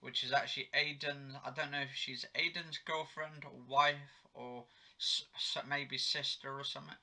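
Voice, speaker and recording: A man recaps a soap episode from home in a rambling, casual way, often stopping to correct himself. His voice is very bright and sits at a middle pitch. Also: steady tone, normal speed. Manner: rambling, chatty, self-correcting. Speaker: TV episode reviewer. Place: home living room.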